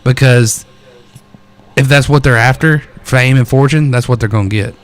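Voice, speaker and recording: A man's voice: medium pitch, moderate pace. A young American man co-hosting a podcast, rambling and joking with frequent restarts. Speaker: podcast co-host. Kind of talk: casual podcast banter.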